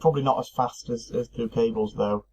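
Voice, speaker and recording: Man, middle pitch, casual podcast chat, musing, thinks aloud. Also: steady tone, brisk, darkish tone, rough recording. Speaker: podcast co-host.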